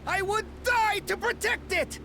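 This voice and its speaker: A woman's voice: extremely high pitch, measured pace, pushed and bright, a little hiss or hum, heavily acted. A woman voicing an earnest, devoted young festival leader in a video game. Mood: fervent. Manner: earnest, fervent. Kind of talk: video game cutscene voice acting.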